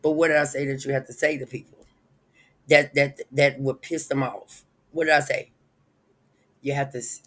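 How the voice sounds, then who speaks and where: A man's voice: medium pitch, flat delivery, normal speed, long pauses, fairly bright tone, low-quality recording. A man hosting a casual live stream, rambling and chuckling as he talks straight to his viewers.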